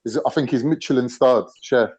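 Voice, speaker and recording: A man's voice: medium pitch, brisk, darkish tone, slightly rough. A man chatting casually on a live stream panel, eagerly asking the others questions.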